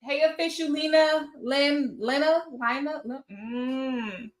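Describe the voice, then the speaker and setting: A woman's voice: high-pitched, takes it slowly, roomy sound. A woman hosting a casual livestream, greeting viewers by name and chatting loosely, sometimes swearing. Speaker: livestream host. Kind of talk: casual live chat.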